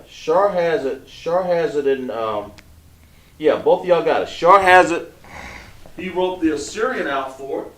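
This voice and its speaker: Male teacher, slow and patient, heard from across an echoey room. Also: a little high, fairly bright tone. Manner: patient, coaxing, trails off while writing. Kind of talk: classroom instruction. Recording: roomy, distant mic with background noise.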